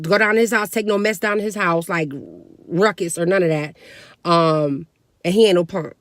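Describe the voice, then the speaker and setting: A woman in her thirties telling a family story to camera in a lively, slangy way. Her voice sits in a middle pitch, close to the mic in a dry room. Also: dry recording. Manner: animated, slangy, laughs through stories. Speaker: vlogger. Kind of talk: casual storytelling.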